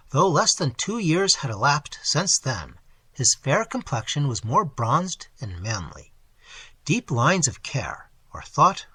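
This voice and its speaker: A man narrating a classic novel as an audiobook reader, with an expressive, wry delivery. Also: on the high side, breathy edge, dry recording.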